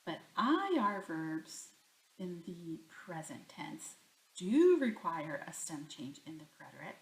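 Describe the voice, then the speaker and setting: A woman teaching a Spanish grammar lesson, talking herself through each example and answering her own questions. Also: on the low side. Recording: echoey room.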